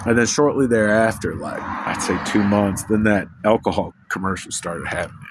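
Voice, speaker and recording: A man's voice: on the low side, normal speed, noisy background. Man rambling in a scattered monologue. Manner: scattered, loses his train of thought, swears casually. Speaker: vlogger.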